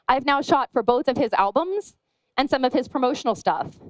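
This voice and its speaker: A woman wedding photographer giving a lively conference talk, chatty and self-deprecating, acting out the people she quotes. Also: high-pitched, brisk, no room sound, poor audio.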